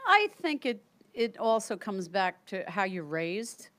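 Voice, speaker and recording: A woman's voice: mid-range voice, big pitch swings, measured pace, fairly bright tone. A woman who reads the news on a morning radio show, bantering playfully with the crew. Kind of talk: casual talk radio banter.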